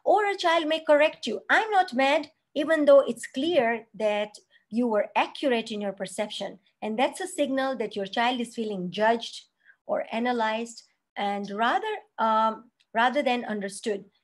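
A woman's voice: fairly high pitch, measured pace. A woman teaching a parenting class, explaining step by step and acting out example phrases, often checking in with "right?" and "okay?". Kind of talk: spoken parenting lesson.

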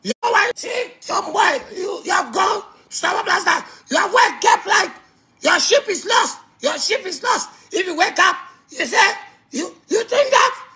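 A woman with a Ghanaian accent delivering a comedic rant, shouting and laughing as she goes. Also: extremely high pitch, expressive, unhurried. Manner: ranting, shouting, laughing between lines. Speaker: comedic content creator.

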